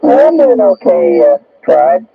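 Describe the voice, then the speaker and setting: A man's voice: fairly high pitch, very animated, measured pace, vocal fry, slightly rough, no room sound, narrow, tinny audio. A man from Missouri chatting in a friendly way on a ham radio net. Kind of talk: casual radio chat. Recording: shortwave radio with light static.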